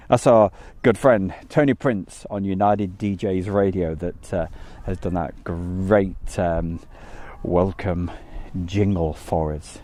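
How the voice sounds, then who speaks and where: A man hosting a live stream, chatting casually and greeting viewers by name, with lots of ums and pauses. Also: low-pitched, dark tone, no room sound.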